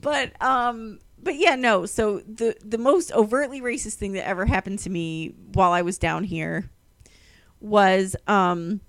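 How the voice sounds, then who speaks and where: A woman's voice: medium pitch, measured pace, no echo. A woman in casual chat, telling stories animatedly and acting out the voices of people she quotes.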